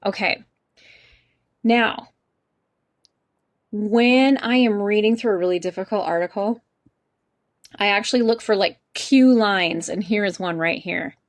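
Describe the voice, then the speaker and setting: A woman's voice: medium pitch, measured pace, pauses often. Chatty woman teaching an online class. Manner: chatty, laughs often, asks the class questions. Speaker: college English teacher.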